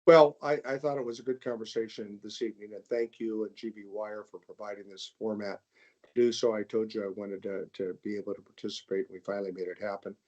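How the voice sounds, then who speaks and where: An older man, a congressman, speaking in a measured way on a panel discussion and often repeating words as he thinks. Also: fairly low pitch, fairly even intonation, a little mellow. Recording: dull lo-fi sound.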